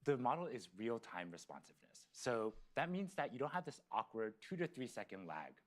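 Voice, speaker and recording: A man's voice: medium pitch, big pitch swings, fairly quick. A man presenting a live product demo on stage, explaining features eagerly with fillers.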